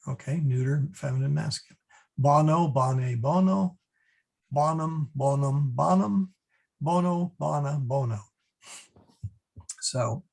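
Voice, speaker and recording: A man teaching a Latin lesson at an unhurried, deliberate pace. His voice is slightly husky, and he stumbles through fillers and restarts. He chuckles now and then at his own asides. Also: mid-range voice. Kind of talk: online class lecture.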